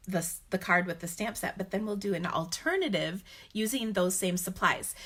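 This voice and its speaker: A woman's voice: mid-range voice, a bit bright. Chatty woman hosting a craft live stream. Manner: chatty, rambling, many fillers. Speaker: card-making demonstrator hosting a live class. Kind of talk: casual live-stream talk.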